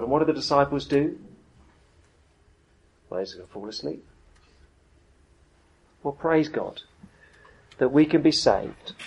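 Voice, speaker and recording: A man preaching a sermon in a conversational, emphatic way, dropping to soft, earnest tones. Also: mid-range voice, vocal fry, breathy edge, rough recording.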